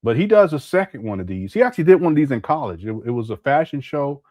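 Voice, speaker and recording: A man's voice: medium pitch, sing-song, fast talker, a little mellow, no echo. A man commenting casually on a live stream, laughing often and mocking what he plays.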